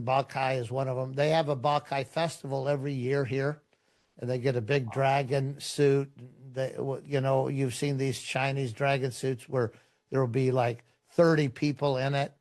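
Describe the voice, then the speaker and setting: A middle-aged man, a pastor, telling stories in a relaxed, rambling way, with many fillers and restarts. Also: medium pitch. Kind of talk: conversational storytelling in a podcast interview.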